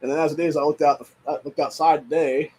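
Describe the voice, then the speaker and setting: A man's voice: on the high side, little pitch movement, quick pace, a little mellow, breathy edge. A young man at home, ranting in a casual, profane, exasperated way with lots of repetition. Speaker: podcast host. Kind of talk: casual rant.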